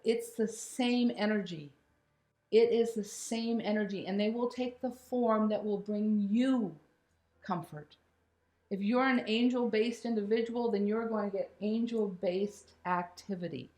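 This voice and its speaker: Woman, mid-pitched, candid storytelling, animated, casual swearing, echoey room. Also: measured pace. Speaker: spiritual storyteller. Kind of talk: personal storytelling. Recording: roomy echo.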